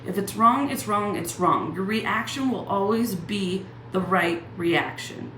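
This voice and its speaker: In a heated, profane rant to camera, this young female channel host curses constantly and throws out one rhetorical question after another. Her voice sits mid-range in a roomy recording with a little background noise.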